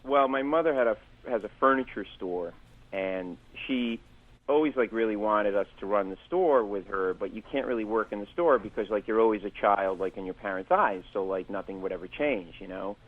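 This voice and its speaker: Fast-talking, animated comedian man. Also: on the low side, phone-quality sound. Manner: animated, acts out both sides of arguments; rambling with many fillers and restarts. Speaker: comedian guest. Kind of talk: comic storytelling on a podcast.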